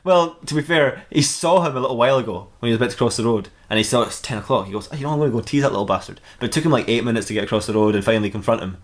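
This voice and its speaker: A man's voice: medium pitch, racing, few pauses. A man casually reading and ad-libbing a comic fan-fiction story, rambling and laughing at his own jokes.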